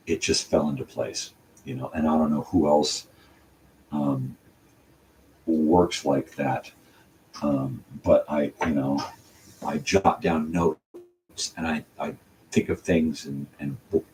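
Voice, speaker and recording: A man's voice: rumbling low, a little mellow. An older man hosting his own channel, talking through his songwriting in a loose, meandering monologue full of fillers and restarts. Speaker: channel host. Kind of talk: rambling casual monologue. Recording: distant mic with faint room noise.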